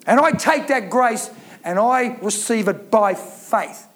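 Man, pastor, very high voice, fervent emphatic sermon. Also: animated, slow, fairly bright tone. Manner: fervent, emphatic preaching with repeated phrases.

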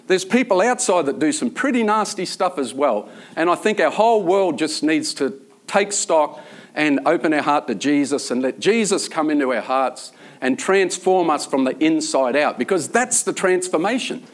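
A man's voice: fairly high pitch, lively intonation, moderate pace. A man speaking as a prison chaplain in an informal faith talk, telling stories earnestly and rambling with many fillers.

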